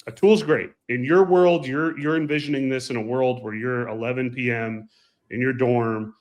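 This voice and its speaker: A man co-hosting a casual podcast, telling emphatic, animated anecdotes about flying. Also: medium pitch, normal speed. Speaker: podcast co-host and pilot. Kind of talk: casual chat, storytelling.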